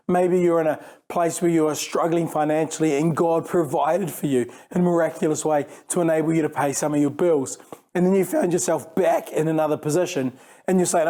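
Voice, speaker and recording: This sermon comes from a youth pastor who talks casually, thinking aloud and starting phrases over. Though his voice runs a little high for a man, it has a mellow warmth, and he regularly voices the words of imagined characters.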